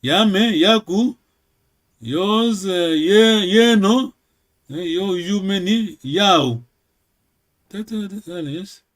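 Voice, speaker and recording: A man teaching a language class in a halting way, repeating words and checking in with "yes?" again and again. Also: high-pitched.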